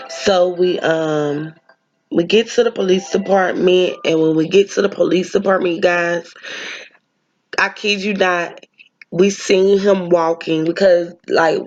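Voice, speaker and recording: A woman's voice: fairly low pitch, fairly even intonation, a little slow, a little mellow, dull audio, soft background music. A woman vlogger telling a personal story, talking earnestly and emotionally straight to her viewers.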